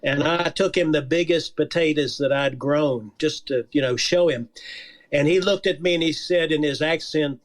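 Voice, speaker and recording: Male beekeeper guest, calm and measured, slightly high voice. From Georgia, USA. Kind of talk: casual radio interview.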